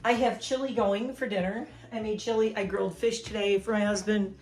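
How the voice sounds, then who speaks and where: A woman's voice: medium pitch, steady tone, fairly quick, few pauses. A middle-aged woman vlogging in her kitchen to a phone camera, chatty and sentimental and laughing often. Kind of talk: casual chat to camera. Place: home kitchen.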